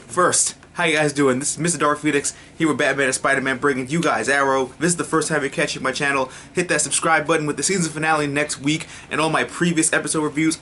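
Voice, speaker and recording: A man reviewing a TV episode in a casual, excitable way, swearing freely and restarting sentences. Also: fairly high pitch, slight background noise.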